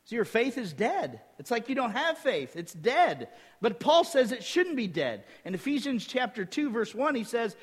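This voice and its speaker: A male pastor preaching a sermon, reading scripture aloud and acting out little dialogues in a lively, emphatic way. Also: very high-pitched, moderate pace, husky. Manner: animated preaching, quotes scripture, acts out dialogue. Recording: reverberant hall.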